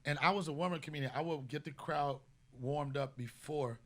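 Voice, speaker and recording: A man hosting a comedy podcast, telling stories in a casual, profane way and bursting into loud shouted bits. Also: on the high side, a little fast.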